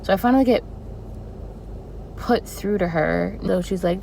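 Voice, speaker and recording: A young woman telling a personal story in a casual vlog, animated and expressive with dramatic reactions. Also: lowish voice, normal speed, gravelly, pauses often, a little hiss or hum, poor audio. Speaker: flight attendant vlogger.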